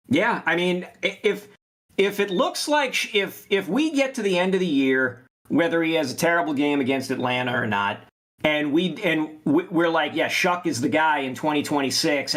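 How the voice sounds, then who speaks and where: A podcast co-host with a plain, mid-pitched male voice. He thinks through his answer aloud, stopping and restarting as he goes. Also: a bit bright. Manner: thoughtful, hesitant restarts. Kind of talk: casual podcast analysis.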